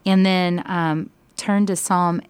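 A woman leads a casual Bible study, calling for readings and putting questions to the group. Her voice sits a little low and sounds dry and close. She turns animated and emphatic when something moves her. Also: takes it slowly, clean tone, dry recording.

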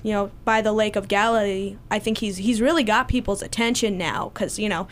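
Briskly and in a steady, medium-pitched voice, a young woman recounts a Bible passage for her study group. The telling is chatty and casual, packed with fillers and restarts.

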